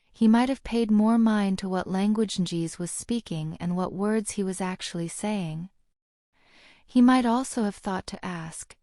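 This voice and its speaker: Mellow woman narrating an audiobook. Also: mid-range voice, no echo, studio quality. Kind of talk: scripted narration.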